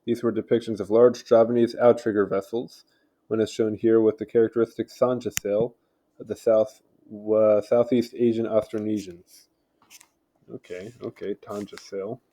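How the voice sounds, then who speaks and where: A video host casually reads wiki articles aloud at home on a home mic, stumbling over names and tossing in offhand remarks. His voice is fairly low and mellow, with little pitch movement and a moderate pace.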